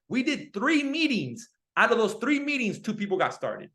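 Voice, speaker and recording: A young man with a high voice gives a motivational coaching talk to his team. He is hyped and energetic, repeats his points, and keeps asking "right?". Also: normal speed, hardly any pauses. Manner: energetic, repetitive, hyped, says "right?" often. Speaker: team leader on a sales call.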